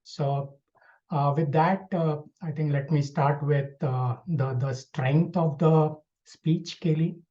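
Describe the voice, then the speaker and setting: Man, evaluator at an online meeting, dark mellow tone, halting delivery full of fillers, dull lo-fi call audio. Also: fairly high pitch, fairly even intonation. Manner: hesitant, many fillers and restarts. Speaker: speech evaluator. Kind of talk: online club speech evaluation. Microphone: video call.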